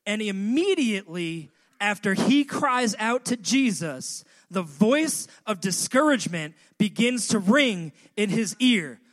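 A male preacher delivering a sermon with rhythmic repetition that builds to shouts. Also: high voice, expressive, unhurried.

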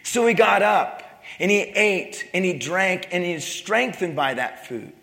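High-voiced preacher in a reverberant hall. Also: male voice, a little slow, gravelly. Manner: animated, joking asides, drops to a hush for quiet passages. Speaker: pastor. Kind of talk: sermon.

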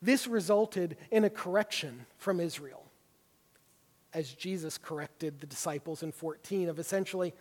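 A man's voice: a little high, normal speed. A man preaching a sermon, teaching through a Bible passage with emphatic stresses. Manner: emphatic, builds to forceful stresses. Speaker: pastor. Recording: long hall reverb.

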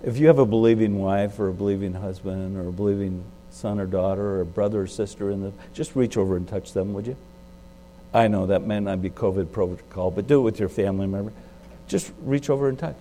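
Mellow-voiced pastor preaching conversationally. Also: male voice, fairly quick, a little hiss or hum. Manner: conversational preaching with rhetorical questions; sudden swings in pitch and loudness for emphasis. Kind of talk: sermon.

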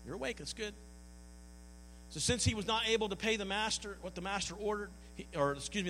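A man's voice: high voice, fairly quick, pushed and bright. A man preaching a sermon as pastor, earnest and folksy, often stumbling and repeating words. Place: church hall. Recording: long hall reverb, mains hum.

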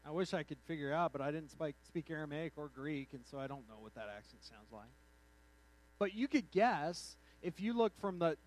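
A man preaching a sermon in an animated, conversational way, acting out the quotes in his story. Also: high-pitched, rough recording. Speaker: pastor.

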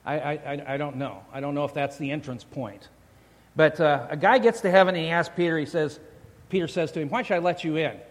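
A man's voice: on the high side, fairly quick. A man preaching a sermon as a pastor, talking in a loose, joking way and often restarting his sentences. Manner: conversational, joking, frequent restarts. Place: church sanctuary. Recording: long church hall reverb.

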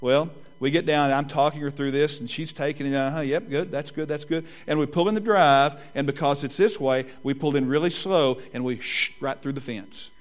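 Pastor telling stories from the pulpit. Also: male voice, fairly high pitch, a little fast, few pauses. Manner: storytelling preacher, animated quoted voices. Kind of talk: sermon.

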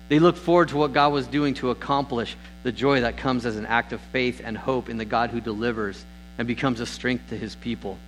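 A man's voice: fairly bright tone, slight background noise, poor audio. A man preaching a sermon as pastor, earnest in tone, lifting his voice when he reads scripture aloud. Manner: earnest, rises in pitch and volume on scripture readings.

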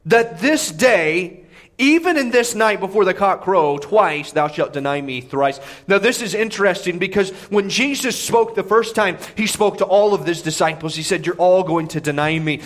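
A pastor preaching to his congregation, with a voice pitched high for a man. He leans hard on key phrases, swinging from hushed, low asides to raised, emphatic declarations. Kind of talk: sermon.

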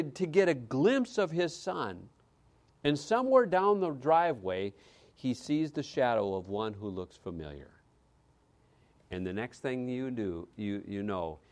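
Male pastor mid-sermon; lively intonation, dramatic loud-to-hushed delivery. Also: mid-range voice.

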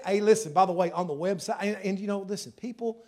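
A male pastor preaching a sermon with passion, dropping low and then rising loud. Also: quick pace, few pauses. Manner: impassioned, swings from soft to loud.

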